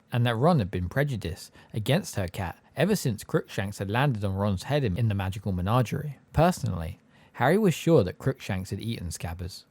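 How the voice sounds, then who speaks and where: A man narrating an audiobook in an expressive storybook style. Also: mid-range voice, dry recording. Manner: expressive, varied delivery. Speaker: audiobook reader.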